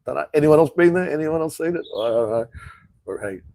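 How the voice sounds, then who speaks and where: Middle-aged Aussie bloke, live-chat host, blunt and sweary, relaxed mellow tone. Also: male voice, on the high side, a little fast, creaky, no room sound, low-quality recording. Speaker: livestream host. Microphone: phone or webcam livestream.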